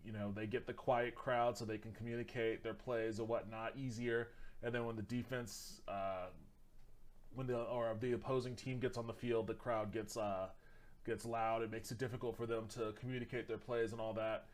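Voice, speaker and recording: A man's voice: mid-range voice, level tone, moderate pace. Rambling casual male streamer. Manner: loose, rambling, swears casually. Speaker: streamer reacting to videos. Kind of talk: casual chat.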